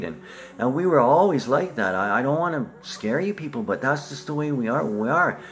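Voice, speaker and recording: A man's voice: medium pitch, expressive, moderate pace. A man talking in a long rambling monologue, swearing freely and jumping from topic to topic.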